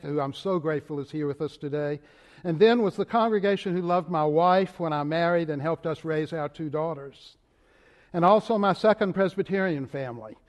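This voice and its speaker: An older man with a Virginia drawl speaks from the pulpit, slow and deliberate, his somewhat high voice carrying through the long reverb of a large church sanctuary. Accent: Southern US, Richmond Virginia. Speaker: moderator of denomination preaching. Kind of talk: sermon.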